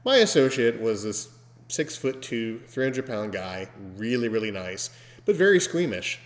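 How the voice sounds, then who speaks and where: A man hosting a podcast, telling a story casually and breaking into loud, animated mimicry of screams. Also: mid-range voice, normal speed. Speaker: podcast host. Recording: long hall reverb.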